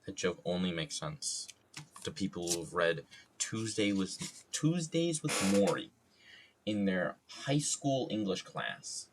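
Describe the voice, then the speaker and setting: A man's voice: deep voice, very animated, slow pace, noisy background. A young adult man streaming casually while wood carving, joking, rambling and swearing freely at his own expense.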